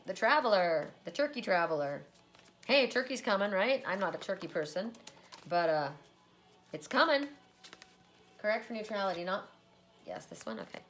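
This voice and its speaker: A woman's voice: medium pitch, fairly bright tone. A woman doing a casual oracle card reading, chatty and laughing often as she repeats a set phrase.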